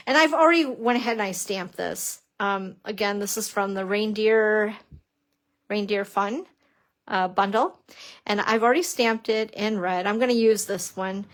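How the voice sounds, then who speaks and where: A middle-aged papercrafting instructor demos her craft on a live stream, chatty and bubbly, greeting viewers and teasing herself. Her voice sits in the mid-range at a moderate pace.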